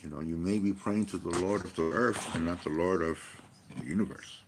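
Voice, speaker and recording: A man with an extremely low, gravelly voice talks straight to the camera in a rambling monologue. He is emphatic and swears freely, firing off rhetorical questions. A faint hum of noise sits under his voice. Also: fairly quick. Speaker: vlogger.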